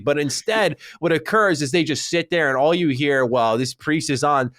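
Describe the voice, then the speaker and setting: A man's voice: on the high side, normal speed, few pauses, no room sound, studio quality. A young man co-hosting a podcast, telling rants and stories in casual chat and swearing freely. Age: young adult. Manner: animated ranting storyteller, swears freely. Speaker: podcast co-host.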